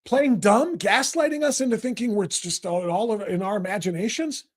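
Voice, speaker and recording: A male talk show host in full rant, firing off angry political commentary. He mocks and sneers, and often lifts into a shout. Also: high voice, brisk. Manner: ranting, angry, bursts into shouting; sarcastic, mocking.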